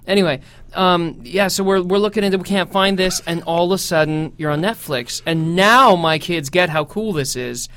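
A man co-hosting a radio show, talking excitedly and joking. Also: sits high, normal speed, hardly any pauses. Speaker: radio co-host. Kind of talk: radio chat.

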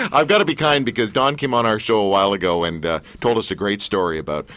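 Jokey, bright-voiced male radio host. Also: lowish voice, fast, hardly any pauses. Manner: jokey, rambling with fillers. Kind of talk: casual studio chat. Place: radio studio.

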